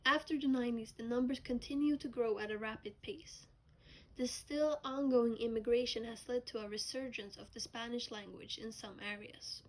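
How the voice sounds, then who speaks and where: Young woman softly reading a school project, kinda high, breathy. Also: fairly even intonation, moderate pace, low-quality recording. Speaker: student presenter.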